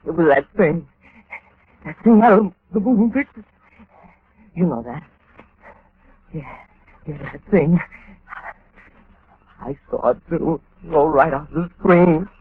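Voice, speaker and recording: An actor playing a terrified, simple-minded man fleeing a manhunt, stammering and pleading in old-time radio drama style. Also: high voice. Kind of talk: 1940s radio acting. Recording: dull old radio recording with hiss.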